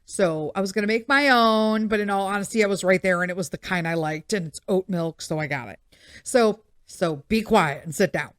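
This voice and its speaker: A middle-aged woman hosting a podcast, telling a story in a blunt, swearing, animated way. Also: mid-range voice, fairly quick, few pauses, smooth, no echo, studio quality. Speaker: podcast host. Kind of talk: casual storytelling monologue.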